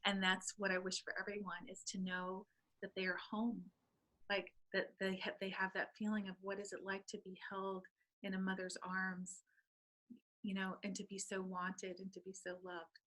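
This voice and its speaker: A woman's voice: mid-range voice, monotone, pushed and bright, poor audio. Woman, middle-aged, guest author, reads her own poems, earnest, incantatory. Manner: slow, earnest, incantatory reading. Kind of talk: reading her own poetry in an interview.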